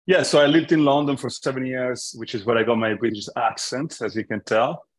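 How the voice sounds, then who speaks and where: A man's voice: medium pitch, brisk. Man telling a story. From Italy. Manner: storytelling, jokey, many restarts. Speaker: app founder, podcast guest. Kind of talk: casual chat.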